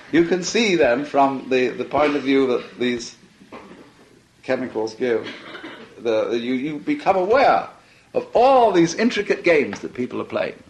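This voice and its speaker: A man's voice: mid-range voice, sing-song, measured pace, a little hiss or hum. A man giving a reflective philosophy talk, musing and playful, often laughing as he speaks. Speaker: philosophy lecturer. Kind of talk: reflective archival lecture.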